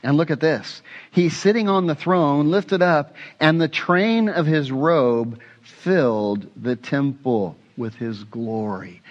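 A pastor delivers a sermon in a slightly high, expressive male voice. He quizzes the congregation and moves between emphatic points and quiet, reverent asides. The recording sounds dull and muffled. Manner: asks the congregation questions.

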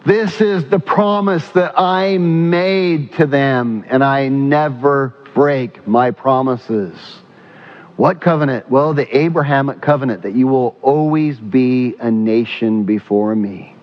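A man preaching from the pulpit in a slightly high voice, leading the congregation with questions he then answers himself. He slows down to stress each key point. The recording sounds muffled and lo-fi. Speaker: pastor. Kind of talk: sermon. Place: church.

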